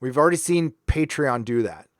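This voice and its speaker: A man's voice: medium pitch, lively intonation, normal speed, dry recording, studio quality. A man hosting a casual livestream, reading viewer donations aloud and answering them with sarcastic, mock-earnest remarks.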